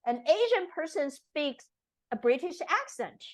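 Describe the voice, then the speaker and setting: A woman's voice: sits high, sing-song, unhurried, fairly bright tone, highs cut off. A woman from Taiwan, an interview guest, making her points earnestly and emphatically and often checking in with tag questions. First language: Taiwanese Mandarin. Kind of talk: conversational interview.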